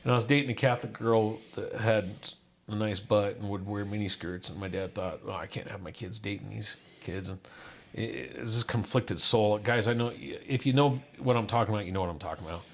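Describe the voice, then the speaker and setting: A man's voice: brisk, a little hiss or hum. Man candidly recounting a hard childhood. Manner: candid, acts out quoted voices, drops low on painful parts. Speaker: guest. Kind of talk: personal storytelling.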